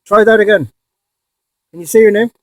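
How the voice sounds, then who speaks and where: A man in a ghost box session vlog, excitedly calling out to spirits and swearing when he insists to viewers. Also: high-pitched, brisk, no room sound. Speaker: paranormal investigator.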